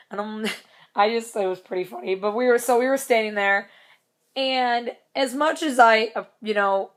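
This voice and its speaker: A woman's voice: a little high, fairly bright tone. A young woman telling a story in a casual vlog, rambling, swearing casually and laughing between lines. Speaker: vlogger.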